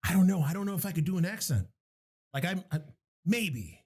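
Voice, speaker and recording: Excitable high-voiced male podcast host. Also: fairly quick, husky. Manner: excitable, laughs often, swears freely. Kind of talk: casual chat.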